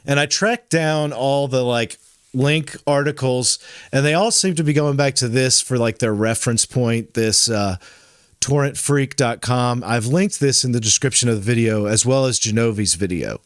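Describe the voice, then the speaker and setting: A man's voice: mid-range voice, moderate pace, no echo, clean studio sound. A man hosting a podcast in casual chat, rambling with frequent restarts and self-corrections. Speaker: podcast host.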